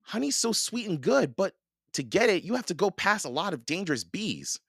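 A man reading aloud and voicing a cheerful, bold young girl in a high, excited voice. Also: normal speed, gravelly, breathy edge, no room sound, studio quality, heavily acted. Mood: thoughtful. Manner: bright, excited, high girlish voice.

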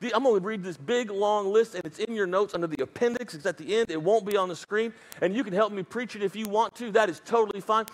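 A middle-aged male pastor preaching a sermon in a high voice. He talks fast and with emphasis, tossing quick asides to his congregation. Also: in a large hall.

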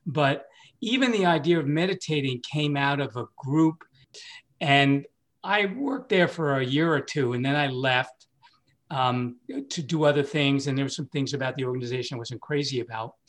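A meditation teacher in his sixties tells a personal story casually at a moderate pace. He laughs often, and his voice jumps high whenever he quotes himself.

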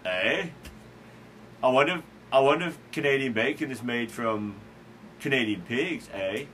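A man's voice: mid-range voice, moderate pace, fairly bright tone, a little hiss or hum. A man hosting a casual talk show, rambling through holidays with asides and fillers. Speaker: host. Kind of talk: casual chat about daily holidays.

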